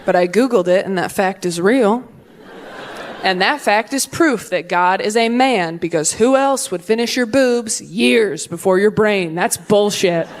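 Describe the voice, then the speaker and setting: A woman's voice: medium pitch, unhurried, slight background noise. A woman comedian performing a stand-up set on a club stage, with sarcastic, self-mocking punchlines.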